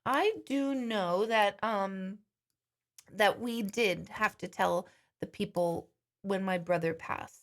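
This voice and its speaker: A woman's voice: medium pitch, slow pace. A woman hosting a live-stream question and answer session as a psychic medium, chatting casually and reading viewer comments aloud.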